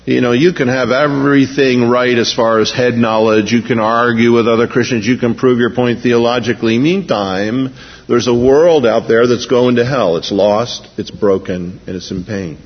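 A man preaching a sermon as a pastor, animated, raising his voice when he quotes. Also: medium pitch, normal speed. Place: large church sanctuary. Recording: dull lo-fi recording in a large reverberant hall.

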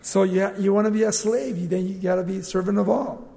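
High-voiced preacher in a reverberant hall. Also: male voice, creaky, slight background noise. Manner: animated, acts out the Bible figures in quick asides. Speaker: pastor. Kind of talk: sermon. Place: church. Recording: long reverb of a church hall.

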